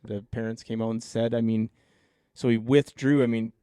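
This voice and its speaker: A man's voice: medium pitch, little pitch movement, normal speed, mellow, smooth, no echo, clean studio sound. A man co-hosting a golf podcast, chatting in a laid-back, rambling way. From Saskatchewan, Canada. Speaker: podcast co-host. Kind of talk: casual chat.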